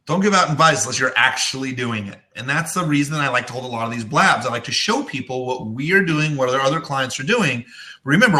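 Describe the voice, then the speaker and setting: A middle-aged man hosting a business web show, teaching in a casual way and telling anecdotes with lively acted-out voices. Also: medium pitch. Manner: animated storytelling, acts out voices in anecdotes.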